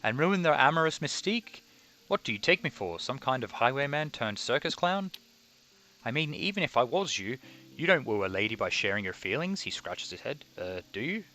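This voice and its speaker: A man's voice: mid-range voice, very animated, fairly quick, sharp tone. A man voicing a pompous, lovesick male circus harlequin who misuses grand words, read aloud over a game. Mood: haughty. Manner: grandiloquent, uses big words wrongly. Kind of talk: reading game dialogue aloud.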